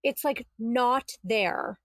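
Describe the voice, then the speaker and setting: High-voiced woman telling her story. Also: very slow, dry recording. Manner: animated, quotes herself and others, exasperated retelling. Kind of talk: casual storytelling.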